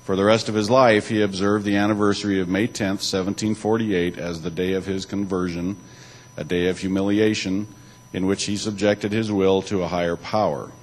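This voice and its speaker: Low-voiced man giving a church talk. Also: fairly even intonation, normal speed, low-quality recording. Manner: alternates reading a text with loose asides, some restarts. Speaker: church speaker. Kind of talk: informal church talk reading aloud.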